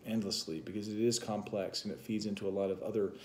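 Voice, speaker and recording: A man's voice: fairly low pitch, quick pace, slight background noise. A man co-hosting a vlog, talking casually and musing at length in a loose, rambling explanation. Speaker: vlog co-host.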